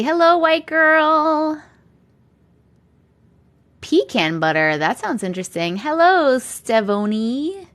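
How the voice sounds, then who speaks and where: Young woman chatting on a livestream, bouncy lively voice, giggly, greets everyone. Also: high voice, slow, pauses often. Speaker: host reading viewer comments on a livestream. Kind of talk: casual livestream chat.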